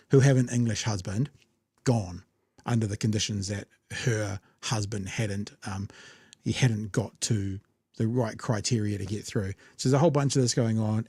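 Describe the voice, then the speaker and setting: A man's voice: fairly low pitch, warm tone, husky, dry recording. A man with a New Zealand accent hosting a podcast, giving blunt, sweary, sardonic political commentary. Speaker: podcast host.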